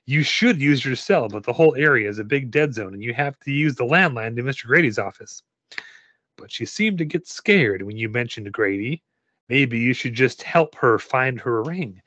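A man's voice: fairly high pitch, a bit bright, no room sound. A man reading a choose-your-own-adventure book aloud to friends in a playful manner. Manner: playful, throat-clearing reader. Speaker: reader and host. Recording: dull lo-fi sound, dry.

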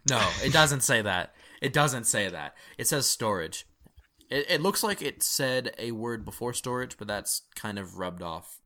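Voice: mid-range voice, lively intonation, a little slow, sharp tone. A game master casually narrating a tabletop role-playing game, laughing often.

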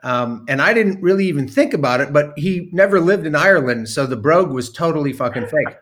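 Man, storytelling, rambling with ums, casual swearing, slightly high pitch. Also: lively intonation, brisk, fairly bright tone, a little hiss or hum. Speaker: storyteller guest.

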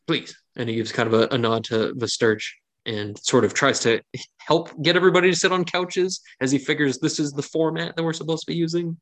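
A man's voice: a little high, a little fast, a bit bright. Man narrating as game master. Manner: casual, descriptive narration with fillers.

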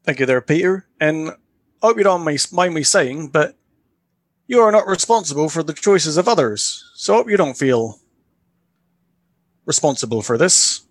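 A man voicing an earnest, humble young man who speaks politely and sincerely, in a voice pitched above his own. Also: animated, moderate pace, long pauses, no echo. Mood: reassuring.

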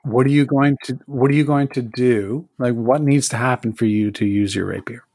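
A man's voice: medium pitch, normal speed, darkish tone, no room sound, studio quality. A man running a tabletop game as game master, describing scenes and restarting his sentences often.

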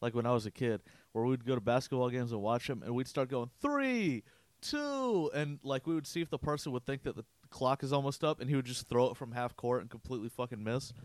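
A man's voice: mid-range voice, steady tone, fast, hardly any pauses, a little mellow, no echo. A young man co-hosting a casual chat, telling a story in a loose, profane way. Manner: loose and profane, acts out quotes. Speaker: podcast co-host.

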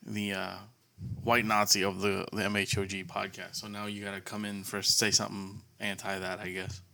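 A man's voice: fairly low pitch, monotone, moderate pace, creaky, bright, forceful tone. A man co-hosting a podcast, teasing his partner with crude jokes in casual banter. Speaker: podcast co-host.

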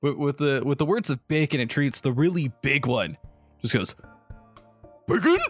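A man narrating a tabletop game as game master, halting and laughing often. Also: mid-range voice, soft background music.

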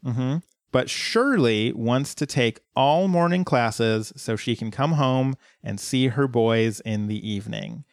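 Casually walking through an episode recap, this podcast co-host speaks slowly in a mid-range voice. The sound is intimate and dry, free of echo, and his storytelling stays even and unhurried.

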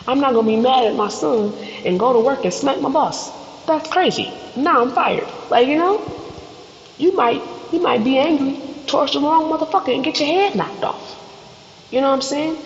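A woman hosting a solo podcast, ranting bluntly and with plenty of swearing, acting out little scenes as she talks. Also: sits high. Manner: blunt, profane, animated, acts out little scenes. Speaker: podcast host. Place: studio. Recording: echoey room, dull sound, faint noise.

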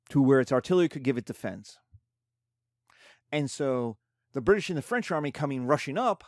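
A man's voice: medium pitch, darkish tone, no room sound, studio quality. A man giving a casual history lecture as a teacher, talking colloquially and acting out the nations in quoted voices.

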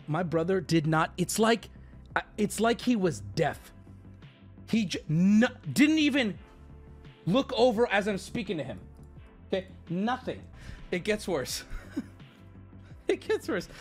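A man's voice: high-pitched, very animated, measured pace, pauses often, soft background music. A man livestreaming, telling a story to his chat in an exaggerated way, swearing and laughing as he goes. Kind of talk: animated storytelling to a live chat.

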